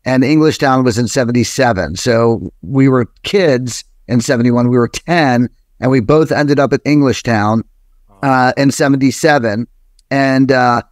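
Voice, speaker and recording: A man's voice: medium pitch, a little slow, no echo. A man in his sixties from New Jersey, a guest on a podcast telling long, rambling stories full of fillers and restarts, with the odd swear word. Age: 60s. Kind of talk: casual interview storytelling.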